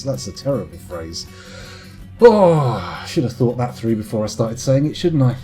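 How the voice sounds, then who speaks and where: A man streams a game and chats with his viewers in a rambling, self-mocking, wry way. His voice rises and falls a lot, lively and full of movement. Soft guitar music plays faintly behind him. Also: mid-range voice, a little slow. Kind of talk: casual live-stream chat while gaming.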